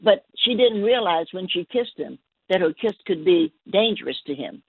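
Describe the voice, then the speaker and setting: A woman guest telling a gentle story on a call-in show, halting and repeating her words. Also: lowish voice, animated, breathy edge, no room sound. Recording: dry tinny phone line.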